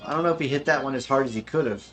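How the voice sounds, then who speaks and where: A man's voice: mid-range voice, very fast, fairly bright tone, faint music behind. A man hosting a game stream, chatting casually and thinking aloud with many fillers. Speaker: streamer host. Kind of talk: casual chat while playing.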